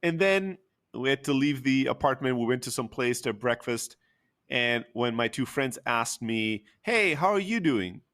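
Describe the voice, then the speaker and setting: A man's voice: medium pitch, moderate pace, fairly bright tone. A man telling an emotional personal story candidly, with frequent fillers and the odd swear word.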